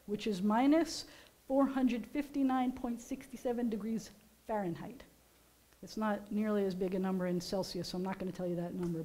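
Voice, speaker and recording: An older American woman, a rabbi, giving a casual, teacherly sermon with gentle jokes to her congregation in a synagogue. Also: medium pitch. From United States. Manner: chatty, teacherly, gently joking. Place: synagogue sanctuary during a service.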